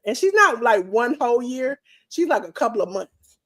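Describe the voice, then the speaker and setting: A woman's voice: a little high, expressive, brisk, fairly bright tone. A woman, a guest in a casual chat, telling stories animatedly and acting out the voices she quotes.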